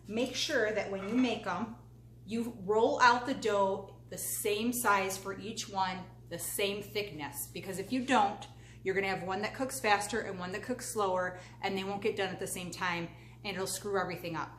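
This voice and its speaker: A woman's voice: medium pitch, a bit bright. A woman hosting a casual cooking demonstration, chatty and enthusiastic as she talks straight to her viewers from a home kitchen. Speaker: cooking channel host. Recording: echoey room with faint background noise.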